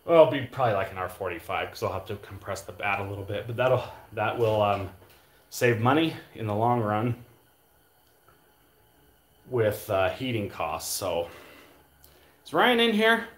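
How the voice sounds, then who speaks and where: Male vlogger, lowish voice, winded, rambling how-to talk while working. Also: moderate pace. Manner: chatty, rambling, jokey asides. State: out of breath. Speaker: DIY vlogger. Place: unfinished shed, indoors.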